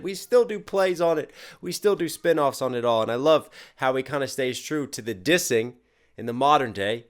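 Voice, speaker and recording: A man who raps, hosting a casual reaction video, hyped and animated as he breaks down lyrics line by line. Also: mid-range voice. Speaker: rapper and reaction host.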